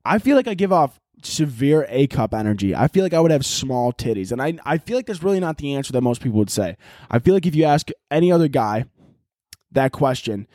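A man talking through his solo podcast in loose, rambling chat, swearing freely and poking fun at himself. His voice sits in a middle register, and the recording is dry and close with no room sound. He breaks into loud, exaggerated voices when he acts out little scenes. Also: mid-range voice, sing-song, fairly quick, no room sound. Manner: profane, rambling and self-mocking. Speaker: podcast host.

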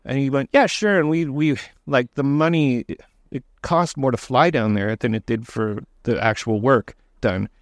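A man's voice: mid-range voice, steady tone, no room sound. Guy directing docs, chatty and stop-start, lots of um and uh, mid voice, dry sound. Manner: halting, many restarts and fillers. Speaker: documentary director. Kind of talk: casual interview answers.

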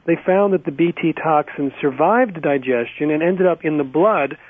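A man speaking as a guest in a radio interview, insistent and packed with facts. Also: fairly high pitch. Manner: rapid, insistent, fact-heavy. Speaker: guest activist. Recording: phone line, dry.

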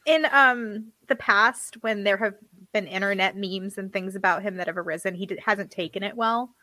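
A woman chatting casually on a podcast, laughing and throwing in quick asides. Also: mid-range voice, pushed and bright, no room sound. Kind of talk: casual chat.

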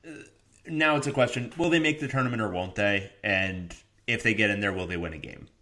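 A man co-hosting a casual sports podcast, relaxed with many fillers and dry asides. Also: fairly low pitch, fairly quick.

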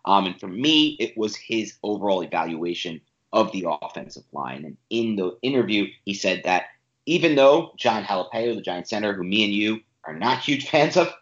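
A man with a fairly low voice talks animatedly on a podcast, pressing his points and restarting sentences as he goes. The recording has a roomy echo and a slightly muffled, dull sound. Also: moderate pace. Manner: animated, emphatic, with frequent restarts. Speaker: podcast co-host. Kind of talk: casual sports podcast talk.

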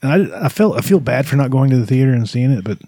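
A man's voice: mid-range voice, expressive, fast talker, dark tone, no echo. A man co-hosting a podcast, joking in casual banter. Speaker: podcast co-host. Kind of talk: casual chat.

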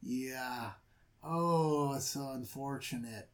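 Dude doing a grumbly old dad, gruff and awkward. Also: male voice, medium pitch, takes it slowly, pitched below the performer's own voice, close to an everyday voice. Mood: grumpy.

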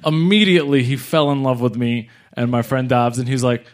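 A young man from New York City spins a funny story for a live crowd. He talks in a middle-pitched voice and keeps jumping into quick impressions of the people he met. His delivery is lively and loose. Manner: animated, acts out other people's lines. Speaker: comedian telling a live story.

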